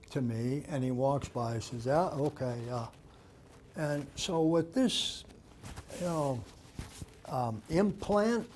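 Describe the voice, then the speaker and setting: Slow-talking older man telling dog stories. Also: mid-range voice, a little mellow, a little hiss or hum. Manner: anecdotal, acts out quoted dialogue. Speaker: dog behavior expert giving an author talk. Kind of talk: storytelling talk.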